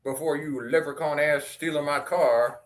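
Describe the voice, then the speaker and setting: A man's voice: fairly high pitch, fairly even intonation, moderate pace. A man co-hosting an investing show, joking over stock charts in a teasing, mock-brash slang voice.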